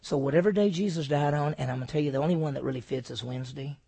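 A man preaching a sermon, emphatic, asking rhetorical questions and swinging between loud and hushed delivery. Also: on the high side, racing, vocal fry, husky. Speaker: pastor.

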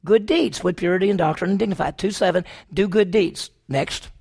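A man's voice: sits high, a little fast, vocal fry, a little mellow, breathy edge. A man preaching a sermon, driving his points home with repeated rhetorical questions to the congregation. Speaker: pastor.

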